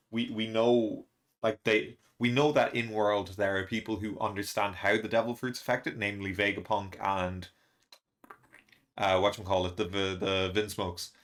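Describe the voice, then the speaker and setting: A man hosting a casual reaction and review, excitable and rambling, laughing often between fillers. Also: on the low side. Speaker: manga reaction channel host.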